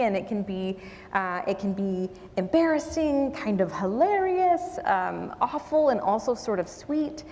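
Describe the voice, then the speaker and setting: Woman guest speaker, easygoing storyteller with ums and asides, mid pitch, hall reverb. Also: darkish tone. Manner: conversational, self-deprecating with frequent ums and asides. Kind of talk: storytelling talk.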